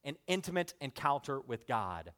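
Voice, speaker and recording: A man, a father, preaching a sermon in church, building with emphatic repeated phrases, then dropping to hushed, slow lines. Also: very animated. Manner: dynamic preaching, rising emphatic repetition then hushed low endings. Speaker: pastor.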